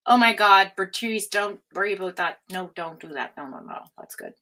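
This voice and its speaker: A woman's voice: medium pitch, animated, moderate pace, hardly any pauses, pushed and bright. A middle-aged woman from Canada chatting casually on a live tarot stream, laughing often and reading chat aloud.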